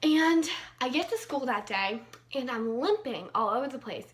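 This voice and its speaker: A woman's voice: sits high, expressive, normal speed. A young woman vlogger casually telling a personal story, chatty, with lots of fillers and playful emphasis.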